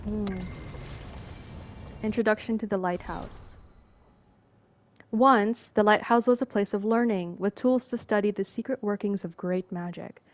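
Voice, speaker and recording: A woman's voice: medium pitch, measured pace, pauses often. A woman streaming a game, reading in-game text aloud with casual asides and frequent laughter.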